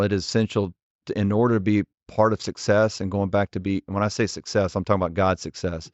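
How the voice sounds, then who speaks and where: Man, forties, earnest, direct, storytelling, deep-ish voice, dry muffled audio. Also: dry recording. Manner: earnest, direct, frequent restarts. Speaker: ministry leader, podcast guest. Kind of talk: conversational interview storytelling.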